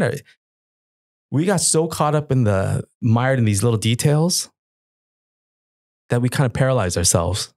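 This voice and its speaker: Middle-aged male guest, lively storyteller who acts out dialogue; dry, close sound. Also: moderate pace, pauses often, no echo. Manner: animated, acts out past dialogue with lively pitch jumps. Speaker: guest, worship musician. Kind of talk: casual storytelling interview.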